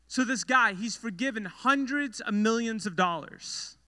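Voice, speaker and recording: A man's voice: very high-pitched, moderate pace, few pauses, pushed and bright, clean tone. A young man preaching a sermon to students as a youth pastor, telling a story earnestly and repeating phrases for emphasis. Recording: long hall reverb.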